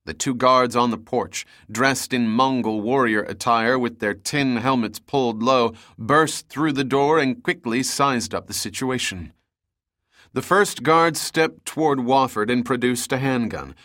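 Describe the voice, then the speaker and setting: A man narrating a thriller audiobook in a steady, measured reading. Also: mid-range voice, dry recording, studio quality.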